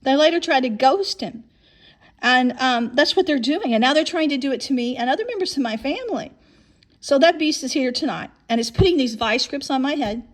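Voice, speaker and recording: A woman's voice: high voice, animated, a little fast. A woman in her fifties telling a long personal story in a monologue, rambling and often repeating or restarting her words.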